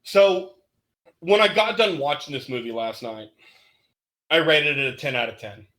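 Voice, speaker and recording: Blunt, bright-voiced male podcast host. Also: fairly high pitch, normal speed. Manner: blunt, emphatic, swears casually. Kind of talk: casual chat.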